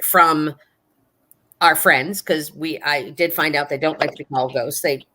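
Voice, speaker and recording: A woman's voice: low-pitched, steady tone, measured pace, bright, forceful tone, a little hiss or hum. A woman telling a ghost story in casual chat, rambling and earnest, with many fillers. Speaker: guest storyteller.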